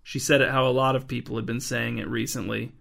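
A man reading a storybook aloud as narrator, in an even, dry storytelling manner. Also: medium pitch, fast, gravelly.

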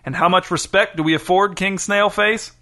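A man's voice: sits high, steady tone, moderate pace, bright, forceful tone, pitched above the performer's own voice. A man voicing a sneering, arrogant bandit leader who mocks and taunts in a storybook reading. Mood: mocking. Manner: mocking, taunting.

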